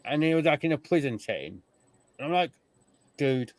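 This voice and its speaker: A man's voice: a little high, expressive, moderate pace, dry recording. A man hosting a casual podcast chat, telling stories and mimicking the people he describes. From United Kingdom. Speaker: podcast host.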